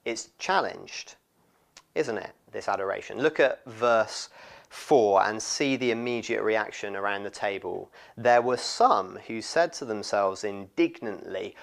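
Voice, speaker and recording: Gravelly man preaching a sermon. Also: on the low side, measured pace. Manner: expressive, acts out quoted voices.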